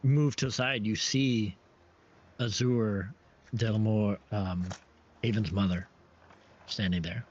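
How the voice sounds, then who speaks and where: A man's voice: fairly low pitch, steady tone, slow pace, long pauses, a little mellow, slight background noise. A man narrating as game master for a tabletop game, hesitant with many fillers and restarts. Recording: dull lo-fi stream audio with faint ambience.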